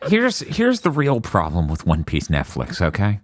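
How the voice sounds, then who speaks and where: Lively chatty man on a podcast. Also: fairly low pitch, normal speed, no echo, clean studio sound. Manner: chatty, laughs often. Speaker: podcast co-host. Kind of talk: casual podcast chat.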